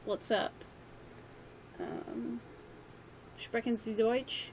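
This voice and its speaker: A woman's voice: on the high side, sing-song, extremely slow, slight background noise, poor audio. A young woman chatting casually on a livestream, rambling with lots of ums and likes, her voice a little worn. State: slightly losing her voice.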